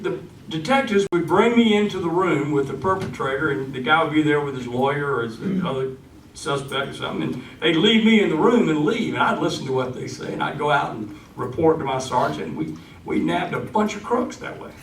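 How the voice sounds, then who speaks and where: A man's voice: a little high, expressive, fairly quick, a little hiss or hum, voice pushed down, close to an everyday voice. A man doing a bragging talking dog. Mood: boastful. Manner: matter-of-fact storytelling. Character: boastful talking male dog, tall-tale teller. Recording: echoey live room, far mic.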